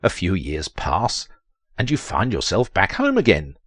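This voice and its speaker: A man's voice: wildly swooping pitch, unhurried, a bit bright, breathy edge, no room sound, clean studio sound. A man narrating a text adventure in a theatrical, dramatic reading voice. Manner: theatrical, leaps to high strained pitch on quoted lines.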